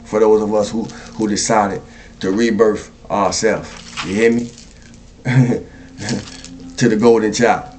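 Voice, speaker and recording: Male spiritual speaker, lowish voice, repeats lines like a preacher, faint noise behind. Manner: repetitive, preacherly, chuckles often, asks "you see?". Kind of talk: spoken spiritual monologue.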